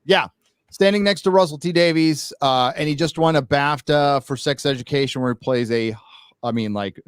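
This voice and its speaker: An American man with a mid-range voice talks casually on a podcast, blunt and skeptical. He stumbles and restarts his sentences often. The sound is dry and close, with no room echo. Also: medium pitch. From United States. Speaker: podcast host. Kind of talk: opinionated casual talk.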